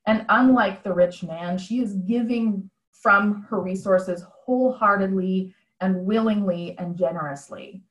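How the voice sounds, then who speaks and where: A woman's voice: mid-range voice, measured pace, few pauses, reverberant, rough recording. A woman preaching a conversational sermon over a video call, retelling a story in a plain-spoken, reflective way.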